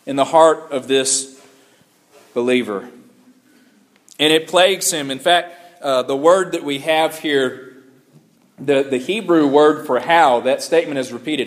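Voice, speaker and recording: Slow, earnest male preacher. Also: a little high. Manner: slow, earnest preaching with repeated words and restarts. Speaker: pastor. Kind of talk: sermon.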